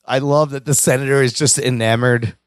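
A man co-hosting a casual film review chat, enthusiastic and quick to quote favorite lines. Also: mid-range voice, fairly even intonation, dry recording, clean studio sound. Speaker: podcast co-host.

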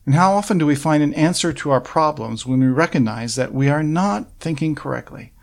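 A man's voice: on the high side, lively intonation, vocal fry. Earnest male preacher expounding scripture. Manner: earnest, measured Bible exposition with rhetorical questions. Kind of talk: sermon.

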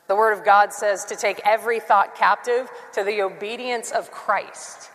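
A woman giving a sermon, telling personal stories in an animated way and acting out the dialogue with quick laughs. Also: mid-range voice, in a large hall. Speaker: Christian speaker.

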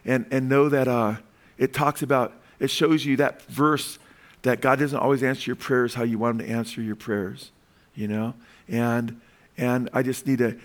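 A man preaching a sermon, emphatic and heartfelt, often tagging lines with "amen?" and "you know", and stumbling over repeated words when moved. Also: mid-range voice. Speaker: pastor.

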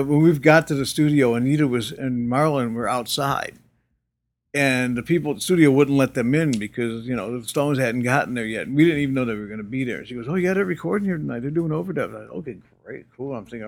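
An older man telling anecdotes in an interview, rambling with many fillers and restarts and laughing often. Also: mid-range voice. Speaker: interview guest. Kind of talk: casual storytelling.

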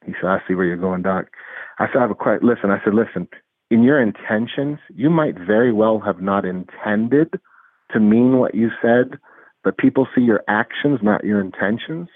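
Low-voiced guy on a tinny phone line, husky, earnest, tells stories and acts out the talk. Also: moderate pace, no echo. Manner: earnest, animated, acts out dialogue in retelling. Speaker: guest, anger management specialist. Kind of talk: interview talk, storytelling.

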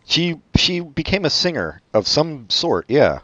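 A man co-hosting a podcast, chatting casually with sardonic, deadpan asides. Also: a little high, measured pace, no echo, lo-fi sound. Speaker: podcast co-host. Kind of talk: casual chat.

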